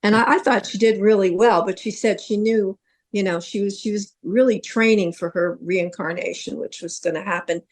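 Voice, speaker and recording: A woman's voice: mid-range voice, moderate pace. Earnest middle-aged woman telling a story. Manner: earnest, recounts a vivid dream with lots of quoted dialogue. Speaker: psychic medium and podcast co-host. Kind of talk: casual storytelling.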